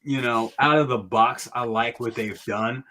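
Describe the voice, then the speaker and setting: A man's voice: medium pitch, a little slow, pushed and bright, rough recording. A man chatting as a guest collector, laid-back and jokey, with slang. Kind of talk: casual chat.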